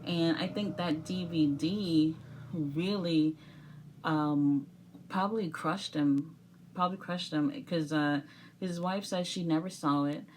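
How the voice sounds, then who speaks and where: Low-voiced woman giving a rambling review. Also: darkish tone, slight background noise. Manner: rambling, with many fillers and restarts. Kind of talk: casual video review.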